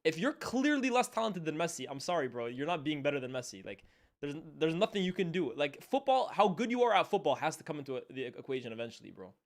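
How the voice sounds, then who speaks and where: A young man from Canada talks through a live football watchalong stream in a slightly raised voice. He chats loosely in slang, jumps to loud reactions, then drops to low muttered asides. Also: big pitch swings, fast talker. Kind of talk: live match watchalong commentary.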